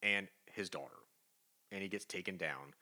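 A man co-hosting a podcast, recapping comic book plots in an animated, casual way. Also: low voice, normal speed. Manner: animated recapping, acts out quoted lines. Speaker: podcast co-host.

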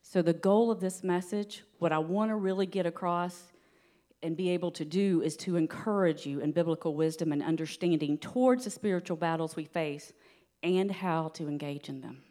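A woman's voice: on the low side, normal speed. Woman preaching an earnest sermon. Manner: earnest, steady teaching with light laughs.

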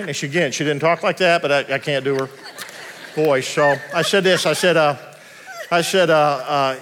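A man preaches to his congregation, trading casual, joking storytelling for slow, emphatic preaching. His voice rings out with a long reverb through a large church sanctuary. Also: fairly high pitch, fairly bright tone. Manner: storytelling, conversational and humorous, slows down to preach. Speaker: pastor. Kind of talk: sermon.

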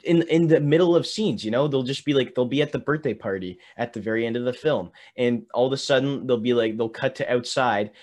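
A young man talking casually with a friend, his mid-pitched voice running on in loose, restarting sentences. He laughs often and keeps circling back as he talks. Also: a little fast, few pauses, darkish tone. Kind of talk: casual chat.

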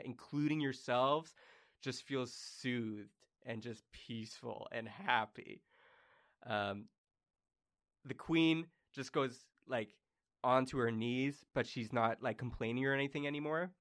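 A young man narrating a tabletop role-playing game as game master, casual and rambling with many fillers. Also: medium pitch.

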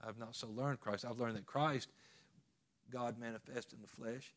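A man's voice: mid-range voice, steady tone, moderate pace, a bit bright. Pastor, middle-aged man, folksy sermon storytelling with surging emphasis.

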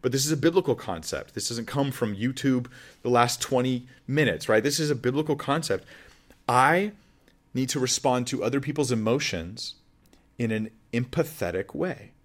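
A man's voice: medium pitch, normal speed. Earnest man teaching a sermon. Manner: earnest, conversational, asks the audience questions. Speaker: pastor.

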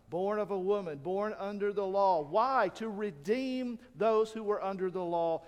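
A man's voice: high voice, in a large hall. A man preaching a sermon, reading scripture and asking the congregation rhetorical questions. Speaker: pastor.

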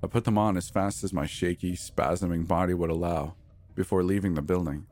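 A man reading a first-person horror story as the show's narrator, in a measured, tense way. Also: sits low, steady tone, darkish tone.

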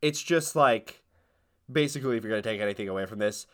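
A young man co-hosting a podcast, making dry deadpan jokes and hesitating with ums as he explains things. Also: lowish voice, fast. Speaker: podcast co-host. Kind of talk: casual comedic chat.

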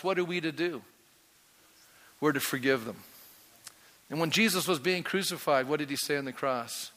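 A man preaching from the pulpit with a bright, forceful, slightly high voice that carries across a large church. He keeps turning to the congregation with questions, and a long reverb tails off every phrase. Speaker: pastor. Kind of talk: sermon.

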